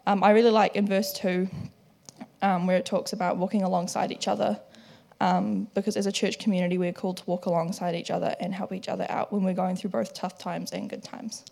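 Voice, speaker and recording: Brief: New woman, church scripture reader, a touch of gravel in the voice. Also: mid-range voice, level tone, brisk, a little mellow. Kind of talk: Bible reading.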